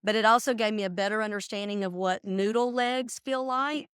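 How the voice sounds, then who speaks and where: A woman's voice: mid-range voice, fairly even intonation, a little fast, fairly bright tone, clean tone, dry recording, studio quality. A woman in her forties, a podcast guest, telling her story in casual chat and acting out what friends said. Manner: chatty, acts out quoted friends.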